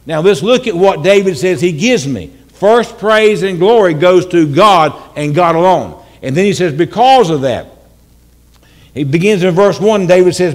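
A man preaching a church sermon, animated and dramatic, breaking into shouted calls and humorous asides. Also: sits high, moderate pace. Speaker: pastor. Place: church sanctuary.

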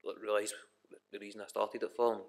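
A man's voice: fairly low pitch, level tone, quick pace. A young Scottish man, a rapper guest, chatting casually on a podcast, swearing a lot and rambling with many restarts. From Scotland.

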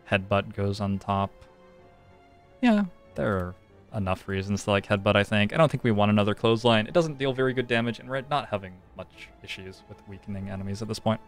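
A man streaming a card game, relaxed, thinking aloud and explaining his choices at length. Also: fairly low pitch. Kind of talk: casual live-stream gameplay commentary.

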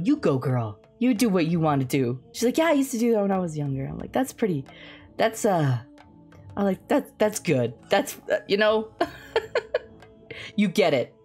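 A young woman streamer telling a family story in casual chat, laughing often and talking in a bubbly, animated way. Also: mid-range voice.

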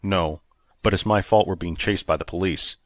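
A man voicing a wounded, feverish male spaceship captain who grumbles low and stubbornly in an audiobook. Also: steady tone, normal speed, dry recording. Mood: guilty. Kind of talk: audiobook character reading.

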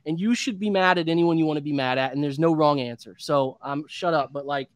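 A man's voice: a little high, a little fast, hardly any pauses, no room sound. A man in his thirties, a sports podcast analyst, delivering a heated, frustrated rant full of restarts. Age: 30s.

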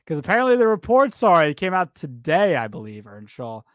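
Animated, rambling male sports podcaster. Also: fairly high pitch, brisk, no room sound, clean studio sound. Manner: animated, rambling, repeats himself. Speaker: podcast co-host. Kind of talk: casual sports chat.

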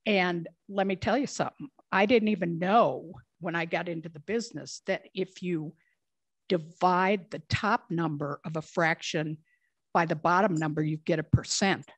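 A woman's voice: on the low side, moderate pace, husky, no room sound. A woman in her sixties from Minnesota, a guest telling humorous career anecdotes in an interview. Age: 60s. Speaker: guest speaker. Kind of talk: storytelling in interview.

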